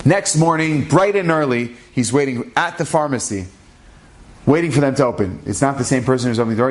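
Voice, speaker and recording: A man in the role of a rabbi tells an inspirational story with lively energy. He acts out each conversation, shifting between the people in it, and moves the tale along briskly. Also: medium pitch. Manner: animated, acts out dialogue.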